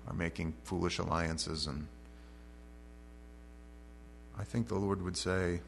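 The pastor here has a low, steady voice with vocal fry and talks at normal speed. His expository sermon proceeds verse by verse: he reads scripture aloud, then explains it in casual, modern phrasing, all over a faint mains hum.

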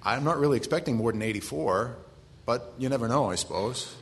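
A pastor in his forties with a Maine accent preaches a sermon conversationally, tossing in self-deprecating asides. His mid-range voice is brisk and a bit bright, with lively intonation.

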